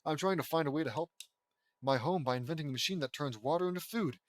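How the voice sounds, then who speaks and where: A man's voice: fairly high pitch, fast talker, lightly acted. A man reading the lines of an eager, starstruck young male inventor in a fan fiction audiobook.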